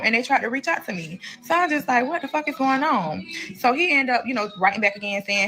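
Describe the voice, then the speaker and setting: A woman tells her own story at a brisk clip. She is blunt and animated and swears freely. Faint music plays behind her. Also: a little high. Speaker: storyteller recounting her prison release. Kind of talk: casual storytime.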